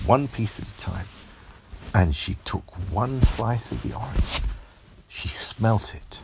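A man telling a bedtime story, in a hushed and animated way that often drops to a whisper. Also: on the low side, a little slow, slight background noise.

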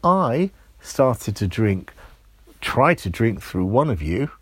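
A man voicing an excitable, eager young girl in a told story, shrill and exclaiming. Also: slow, slightly rough, no room sound, exaggerated voice. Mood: reasoning. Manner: shrill, exclaiming, rising to shouts.

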